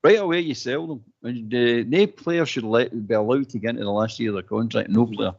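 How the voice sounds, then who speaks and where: A Scottish man arguing his point forcefully as a panelist on a casual football phone-in radio show. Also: brisk, vocal fry. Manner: forceful, emphatic, rising pitch when insistent. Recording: dull lo-fi audio.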